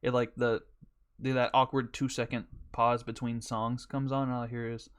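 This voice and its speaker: A man's voice: medium pitch, level tone, moderate pace, clean tone. A man hosting his own podcast, rambling through casual stories with lots of swearing. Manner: rambling and profane, with laughs. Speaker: podcast host. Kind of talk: casual storytelling chat.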